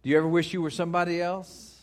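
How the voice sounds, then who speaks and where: A middle-aged man preaching a sermon as a pastor, earnest, moving between loud pleading questions and quiet, hushed prayer. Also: a little high, level tone, very fast. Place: church.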